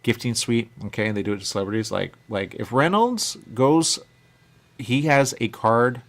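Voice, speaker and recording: A man's voice: mid-range voice, moderate pace, a bit bright. A man hosting a talk radio show, chatting casually in a rambling way and often checking in with "okay?". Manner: chatty, keeps saying "okay?" and "there you go".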